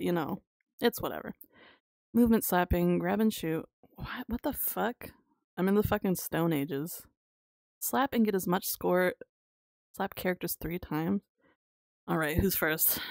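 A woman streaming a game live, commenting casually, excitable, laughing often and swearing freely. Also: medium pitch, vocal fry, no room sound, studio quality.

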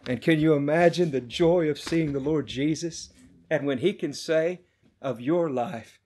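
A middle-aged male preacher gives an impassioned sermon, his fairly high voice dropping to a hush and then rising loud again. He tells his testimony with fervor to a congregation. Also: a little slow, a little hiss or hum. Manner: impassioned storytelling, swings between hushed and loud.

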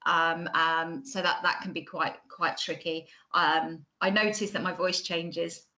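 Woman, 40s, Bracknell Mockney accent, bright and lowish voice, chatty conference speaker on a laptop mic. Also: fairly even intonation, unhurried, low-quality recording. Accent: Bracknell, Mockney-like estuary. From England. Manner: chatty, frequent ums and restarts. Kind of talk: online conference talk.

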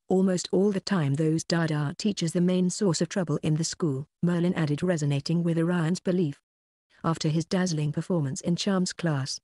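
An audiobook narrator reading a story in a steady, uninflected synthetic voice. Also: mid-range voice, no room sound, studio quality. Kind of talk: scripted narration.

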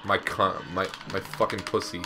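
A man's voice: deep voice, level tone, normal speed, vocal fry, pushed and bright, soft background music. A young man hosting a co-op let's play, joking, laughing and swearing through casual gaming commentary. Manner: profane, laughing, teasing banter.

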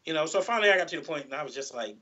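A man with a fairly high, bright and forceful voice talks loosely in a casual interview. He rambles, restarts and leans on "you know" again and again. His audio comes through dull and lo-fi. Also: animated, very fast. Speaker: guest guitarist.

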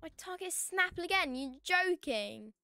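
A woman's voice: extremely high pitch, animated, moderate pace, pushed and bright, no room sound. A young woman chatting through a gaming livestream, mock-annoyed and humming to herself as she plays. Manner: chatty, mock-annoyed, sings and hums while playing. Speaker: streamer.

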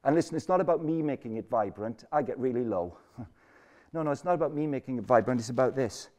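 A man preaching a lively sermon to a student conference in a lecture hall, energetic and jokey, repeating his points for emphasis. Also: medium pitch, quick pace, muffled recording.

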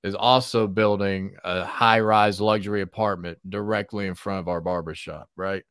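Lowish-voiced man telling animated stories. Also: normal speed, clean tone, no echo, clean studio sound. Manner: animated storyteller, laughs often. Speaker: podcast host and barber. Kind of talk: casual podcast conversation.

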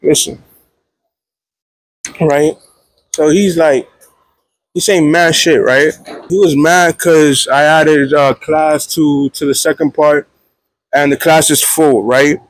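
A young man vents a story straight to camera, cursing freely and constantly checking in with his listener. His voice rides a little above the usual male pitch. The sound is dry and close, with no room echo. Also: takes it slowly, pauses often. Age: young adult. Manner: animated, profane, keeps checking in with 'feel me', 'right?'. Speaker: vlogger, college student. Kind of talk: casual storytelling vlog.

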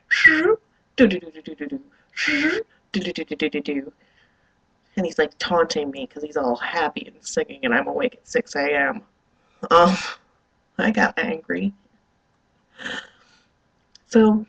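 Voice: mid-range voice, poor audio. Groggy young vlogger rambling at dawn. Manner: rambling, loose and swearing. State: up early and groggy. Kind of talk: casual video diary.

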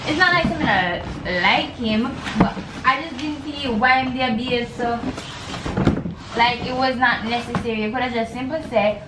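A woman's voice: on the high side, a little slow. Young Jamaican woman ranting in dorm. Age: young adult. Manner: animated ranting, swearing, mixing patois. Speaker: vlogger. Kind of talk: casual chat while assembling furniture. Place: dorm room. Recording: echoey room, faint noise.

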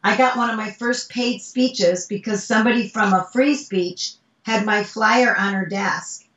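A speaking coach talks at medium pitch and a measured pace in a casual interview, animatedly telling stories and acting out bits of dialogue. The recording sounds roomy, distant and dull.

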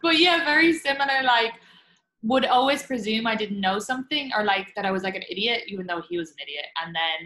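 A woman's voice: fairly high pitch, lively intonation, brisk, sharp tone, reverberant, poor audio. A woman hosting a podcast in casual chat, frank and swearing freely as she laughs along with her guest. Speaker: podcast host.

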